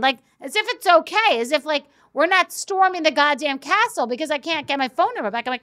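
A woman in her fifties telling an animated, profane story as a social media personality, acting out the quoted lines. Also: high-pitched, a little fast, hardly any pauses. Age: 50s. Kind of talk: profane comedic rant to camera.

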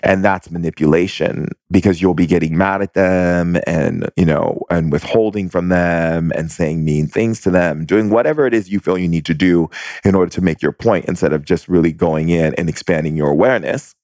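A man, a spiritual teacher, talking in a reflective monologue with slow, deliberate, drawn-out phrasing and long run-on sentences. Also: sits low, darkish tone, dry recording.

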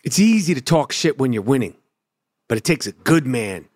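A man's voice: medium pitch, sing-song, normal speed, darkish tone. A man giving a brash, profane football opinion rant with swaggering trash talk. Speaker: sports commentator.

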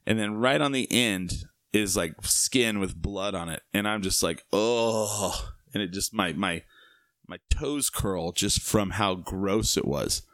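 A young man with a lowish voice spins a rambling story, packed with fillers, asides and the odd curse. The sound is dry and close, with no room around it. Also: a little slow, a bit bright, no echo. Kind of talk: casual spoken storytelling.

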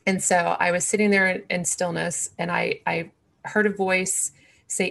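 A woman's voice: on the low side, level tone, a little slow, creaky, fairly bright tone. A woman in her forties, an interview guest, telling a personal story in a candid, earnest way with many fillers and restarts.

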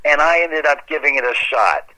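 A man casually telling a long story in an animated, conversational way, with the odd curse word. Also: a little high, normal speed, poor audio. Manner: animated, conversational, occasional swearing.

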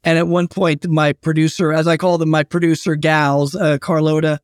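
Man, historian guest, higher-pitched, chatty anecdotal delivery, dry close sound. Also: level tone, moderate pace, dry recording. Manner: anecdotal, chatty with fillers and restarts. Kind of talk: casual storytelling interview.

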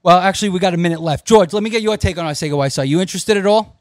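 High-voiced man hosting a sports chat. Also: no echo, clean studio sound. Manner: steers the panel with quick questions. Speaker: fantasy football show host.

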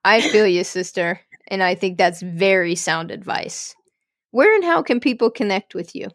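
A woman's voice: medium pitch, lively intonation, normal speed, a bit bright, no echo, studio quality. A woman hosting a podcast, interviewing a guest and reading the show's outro in an encouraging, upbeat way. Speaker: podcast host.

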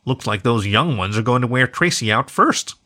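A folksy old grandpa dog from a storybook, as a man puts him on, slow and easygoing. The voice lifts and swoops with lively pitch. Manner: slow, folksy and warm-hearted.

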